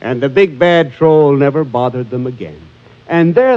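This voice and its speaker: A man's voice: mid-range voice, expressive, normal speed. A man reading a children's story aloud in a playful, singsong way with rhythmic chanting, in a dull lo-fi recording with music behind.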